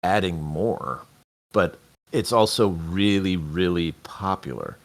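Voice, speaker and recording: Podcast host, male, lowish voice, loose rambling delivery. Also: takes it slowly. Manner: rambling, restarts mid-sentence. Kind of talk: casual interview chat.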